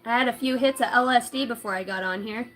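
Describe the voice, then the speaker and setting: A woman's voice: on the high side, fast, fairly bright tone, slight background noise. A woman doing a casual livestream tarot reading, giggly and rambling, cussing freely. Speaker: tarot reader.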